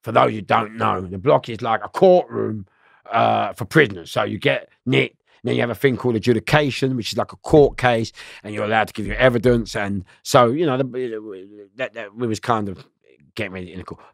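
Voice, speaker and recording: A man's voice: on the low side, brisk, creaky, no room sound, studio quality. A middle-aged man, telling a story as an interview guest with free swearing, acting out the lines of the people in it. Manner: swearing freely, acts out other people's lines. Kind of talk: animated storytelling.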